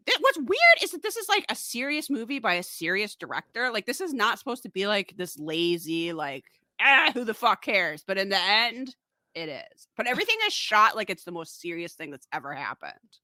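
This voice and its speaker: A woman's voice: medium pitch, sing-song, brisk, bright, forceful tone, dry recording. A woman co-hosting a podcast, recapping a movie in a casual, sarcastic way and swearing freely. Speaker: podcast co-host. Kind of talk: casual comedic film recap.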